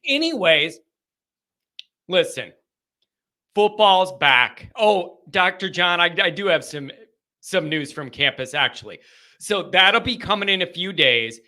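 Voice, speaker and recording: A man hosting a live college football call-in show, rambling and excitable with bursts of yelling. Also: high-pitched, a little slow, pauses often.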